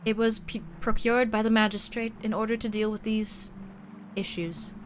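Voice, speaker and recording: A woman reading a game's lines as a cold, formal female angel who speaks in a flat, emotionless way. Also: a little high, normal speed, background noise, natural voice. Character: cold monotone female angel, creature of light. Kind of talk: reading game dialogue aloud.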